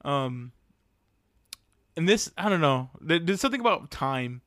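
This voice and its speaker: A man co-hosting a casual anime review chat, relaxed and hesitant, often trailing off. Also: fairly high pitch, measured pace, dry recording, clean studio sound. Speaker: podcast co-host.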